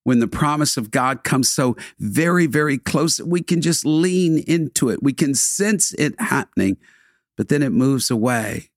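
A man delivering a devotional sermon, preaching in rhythmic, building repetitions with dramatic pauses. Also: mid-range voice, expressive, no echo, clean studio sound.

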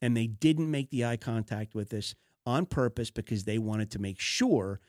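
A man's voice: medium pitch, animated, normal speed, a little mellow, dry recording, clean studio sound. A man hosting a business advice podcast, talking conversationally with fillers and restarts, exasperated about poor customer service. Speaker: podcast host.

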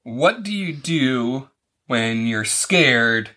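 Man, podcast host, casual chat, bright forceful tone, plain explaining. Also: medium pitch, animated, drawn-out words. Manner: friendly questioning, explains things plainly. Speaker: podcast host interviewing a child.

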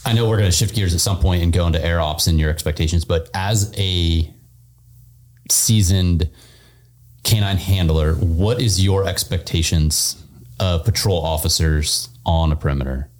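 A man's voice: sits low, moderate pace, darkish tone. A man co-hosting a podcast, asking the guest a question in a hesitant, searching way. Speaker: podcast co-host. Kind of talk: casual podcast chat.

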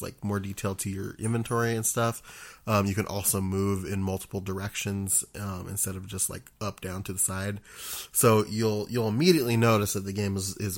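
Hesitant man with a lowish voice. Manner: hesitant, many ums and restarts. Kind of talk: casual chat.

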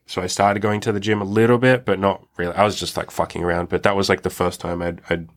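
Young male podcast host, very low voice, candid and reflective, casual swearing. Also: flat delivery, quick pace. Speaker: podcast host telling his own story. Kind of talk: candid personal storytelling.

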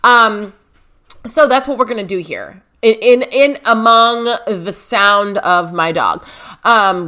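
A woman's voice: medium pitch, fairly bright tone. Bubbly, chatty woman podcast host. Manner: bubbly and chatty, laughs often. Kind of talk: casual podcast chat. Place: home. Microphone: podcast microphone.

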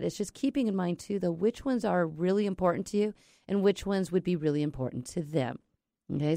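A woman teaching negotiation in a chatty, rambling way, full of fillers and restarts. Her voice is low and gravelly. The recording is dry and close. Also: dark tone, no echo. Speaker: negotiation trainer. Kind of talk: casual instructional talk.

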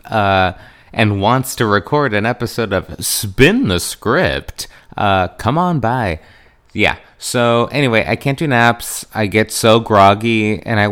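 A young man hosts a podcast in loose, rambling chat. His voice sits fairly low, but he often jumps into high, excited tones when he quotes himself. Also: clear, resonant tone. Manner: chatty, animated, leaps into a high excited voice when quoting himself. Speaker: podcast host. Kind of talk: casual chat.

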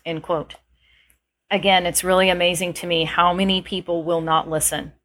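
A woman giving earnest spoken commentary as a homesteading vlogger, reading news excerpts aloud in an animated way. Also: on the low side, normal speed. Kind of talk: casual spoken commentary to camera.

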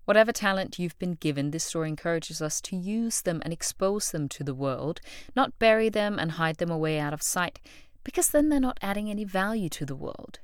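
A woman's voice: fairly low pitch, smooth, dry recording, studio quality. A woman hosting a solo motivational podcast, telling stories expressively and acting out the voices of people she quotes. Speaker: podcast host.

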